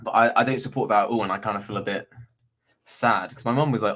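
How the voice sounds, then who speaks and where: A man's voice: on the low side, fast, fairly bright tone. A man from Bristol, England, chatting casually as a guest on a video call livestream, rambling and slangy with many restarts. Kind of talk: casual chat.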